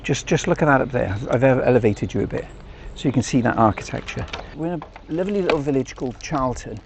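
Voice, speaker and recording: A man's voice: mid-range voice, animated, fast talker, vocal fry, noisy background. A man with an English accent vlogging to camera while cycling on country roads, chatty and rambling with jokey asides. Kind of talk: casual talk to camera while riding. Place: outdoors on country roads on a bike.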